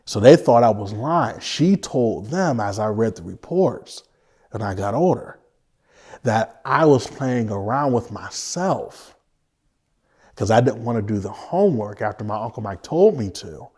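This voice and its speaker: A man telling his own life story as an interview guest, earnest and halting, often restarting his sentences. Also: lowish voice, lively intonation, a little mellow, husky. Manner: vivid retelling.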